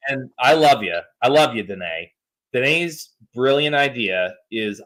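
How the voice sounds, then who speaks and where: Man in his thirties, podcast host, animated and jokey, mid pitch. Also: a little slow, rough recording. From United States. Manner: animated storyteller, jokey and profane. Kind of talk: casual chat.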